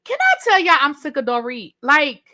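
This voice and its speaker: A woman's voice: sits high, wildly swooping pitch, moderate pace, sharp tone. A woman hosting a live review stream, chatting with viewers in a casual, emphatic way with lots of slang. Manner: chatty, emphatic, Southern-tinged slang ("child", "ain't", "honey").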